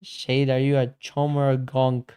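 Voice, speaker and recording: A man's voice: mid-range voice, monotone, measured pace, warm tone, smooth. A man streaming casually, chatting slangily and calling everyone bro while answering his chat.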